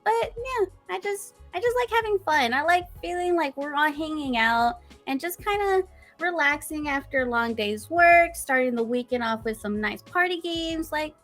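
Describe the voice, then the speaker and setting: Bubbly high-voiced young woman streamer. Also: expressive, normal speed, a bit bright, soft background music. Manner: bubbly, giggly, enthusiastic. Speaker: streamer guest. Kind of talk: casual interview chat.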